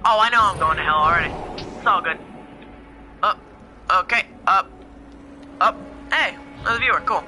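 Young male gaming host, excitable casual commentary, high, sharp-toned voice. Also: normal speed, long pauses, faint music behind. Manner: excitable, exclaiming and laughing at the game. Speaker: gameplay host.

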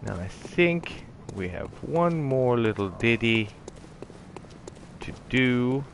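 A man streaming a video game, musing to viewers in relaxed, casual commentary. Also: medium pitch, slow pace, vocal fry, slight background noise. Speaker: gameplay streamer.

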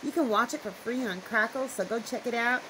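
A woman with a slightly high voice speaks briskly over a noisy background. She's a homestead vlogger chatting casually to the camera, rambling and thinking aloud, first inside her small home at night and later out in the yard.

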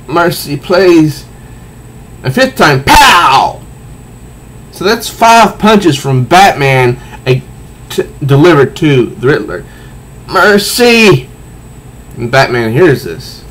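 A man's voice: medium pitch, animated, unhurried, husky. A man giving a casual comic book review, recounting panels aloud with sound effects and frequent restarts.

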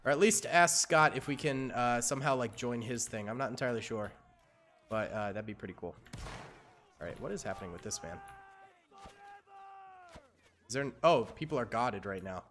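A man's voice: medium pitch, expressive, normal speed, long pauses, fairly bright tone, slight background noise. Laid-back man narrating gameplay. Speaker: gaming video host. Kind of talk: casual gameplay commentary.

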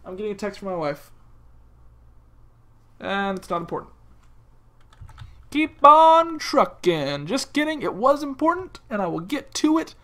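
A man's voice: high voice, animated, normal speed, pauses often, fairly bright tone. A young man from California giving casual, rambling, joking commentary while playing a game. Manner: rambling, joking, silly bits and mock-wildlife-presenter asides. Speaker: gaming video host.

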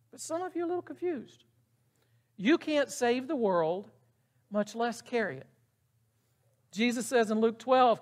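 A middle-aged man preaching a sermon in a casual, emphatic way, often putting questions to the congregation. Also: very high-pitched. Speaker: pastor.

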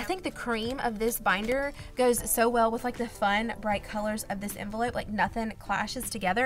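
Young woman, kinda high voice, squealy and gushy, casual unboxing vlog. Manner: gushing, excitable, gasping with delight. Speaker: budget vlogger.

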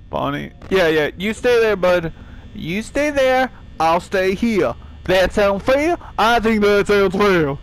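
A young man giving let's play commentary on a horror game, panicky and swearing, yelling at the characters on screen. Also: high voice, animated, takes it slowly, rough recording. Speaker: gaming video creator.

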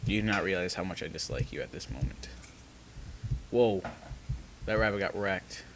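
A man's voice: low-pitched, normal speed, background noise. A man recording a casual gaming session at home, bantering sarcastically with a friend. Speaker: gamer recording a let's play.

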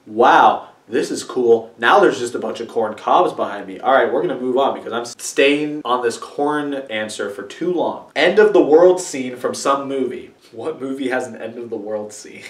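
A young man doing a silly comedic vlog with exaggerated reactions and deadpan asides. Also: mid-range voice. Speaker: YouTuber. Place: room with green screen. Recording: echoey room, from a distance, faint music.

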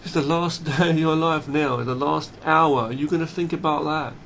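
A man's voice: on the high side, fairly even intonation, normal speed, fairly bright tone, a little hiss or hum. Blunt man ranting. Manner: blunt, emphatic, swears freely; repeats and restarts phrases. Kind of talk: unscripted monologue.

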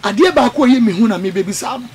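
A woman hosting a call-in radio show, giving calm advice and murmuring along while callers talk. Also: on the high side, racing, a little hiss or hum. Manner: calm advice with frequent mm-hmms. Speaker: radio host.

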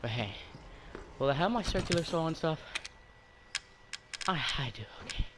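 A man hosting a horror game let's play, excitedly talking to himself as he plays. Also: fairly high pitch, normal speed, noisy background. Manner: excitable, talks to himself while playing. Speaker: gaming channel host.

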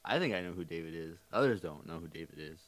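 A male podcast co-host with a low but lively voice talks in a halting, self-deprecating way. He chuckles between short bursts. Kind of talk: casual chat.

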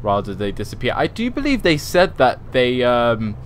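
A man's voice: medium pitch, wildly swooping pitch, normal speed, slight background noise. A young man chatting casually as he streams a driving game, easygoing and laughing at himself. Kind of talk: casual live gameplay commentary.

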